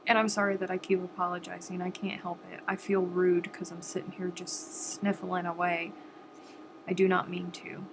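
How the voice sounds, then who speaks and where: A woman's voice: on the low side, little pitch movement, normal speed, vocal fry, background noise. Sniffly woman hosting a casual live stream. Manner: chatty and rambling, addressing viewers directly. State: sniffly, stuffed-up nose. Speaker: crochet live-stream host.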